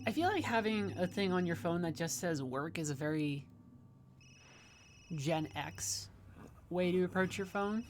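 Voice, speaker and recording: A woman's voice: lowish voice, lively intonation, unhurried, pauses often, noisy background. A woman livestreaming a game, giving chatty, wry commentary with rambling asides. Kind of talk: casual gameplay commentary.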